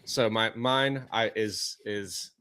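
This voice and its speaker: A man's voice: lowish voice, slow, sharp tone. A young man co-hosting a podcast, chatting casually, ranting and going off on tangents. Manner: rambling, ranting, goes off on tangents. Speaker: podcast co-host. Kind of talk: casual chat.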